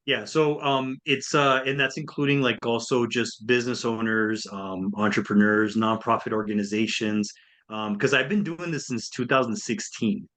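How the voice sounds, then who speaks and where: A man's voice: mid-range voice, moderate pace, a bit bright. A man talking as an interview guest, upbeat and enthusiastic in a loose, chatty way. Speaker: guest speaker and coach. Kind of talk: casual interview chat.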